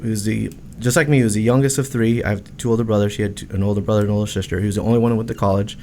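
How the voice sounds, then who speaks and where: Fast-talking earnest man in his forties. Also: on the low side, fairly even intonation, darkish tone, a little hiss or hum. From Arizona. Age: 40s. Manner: earnest and heartfelt, quick with many restarts. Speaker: podcast guest, luxury realtor. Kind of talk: casual interview talk.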